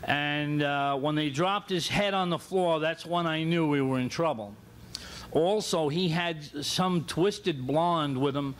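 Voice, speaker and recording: A man with a voice on the high side hosts a talk show, introducing guests in a rambling, halting way full of pauses.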